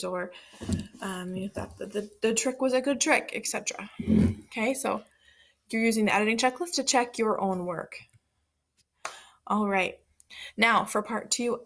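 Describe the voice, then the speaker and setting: A woman's voice: mid-range voice, creaky, fairly bright tone. A woman teacher leading a second-grade reading lesson, explaining words and reading a story aloud.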